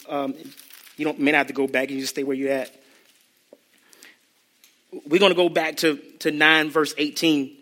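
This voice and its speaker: A man preaching a sermon as a youth ministry speaker, animated and playful, acting out scenes and laughing as he talks. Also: fairly high pitch. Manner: animated, acts out bits, laughs.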